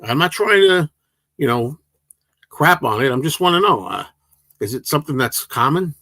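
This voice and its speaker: A man's voice: a little high, animated, normal speed, bright, forceful tone, no room sound. A man in his sixties hosting a livestream, answering viewers in a casual, rambling way with many hesitations and restarts. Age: 60s. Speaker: livestream host.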